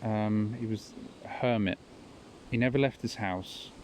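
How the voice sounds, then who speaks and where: Slow, mellow-voiced man rambling. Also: lowish voice, slight background noise, poor audio. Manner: rambling, chuckles at his own stories. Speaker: podcast host. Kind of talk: casual storytelling monologue.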